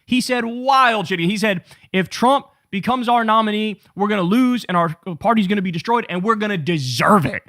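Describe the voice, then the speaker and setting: Guy with a high voice ranting about politics, sarcastic and sweary, dead dry mic. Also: normal speed, few pauses, dry recording. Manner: mocking, animated, swears a lot, says bro. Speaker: political commentary host. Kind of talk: casual profane political commentary.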